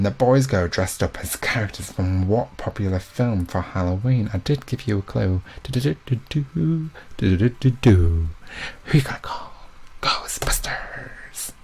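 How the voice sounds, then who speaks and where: A man's voice: lowish voice, a little mellow. A young man hosting a live quiz, chatty and joking, with self-mocking asides between questions. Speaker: quiz host.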